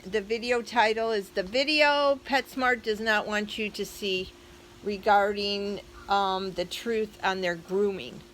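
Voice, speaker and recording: A woman's voice: medium pitch, a bit bright, a little hiss or hum, rough recording. An older woman vlogger telling a story casually and chattily, speaking straight to her viewers.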